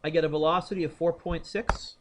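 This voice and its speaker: A male physics teacher working through a momentum problem aloud in class, thinking out loud and quizzing students by name. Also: a little high, fairly even intonation, a little fast, slight background noise.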